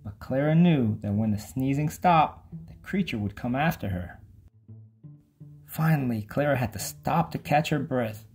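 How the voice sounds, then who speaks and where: A narrator reading a children's bedtime story aloud with lively, expressive storytelling. The voice sits in a middle pitch, with soft music faintly underneath. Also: a little slow.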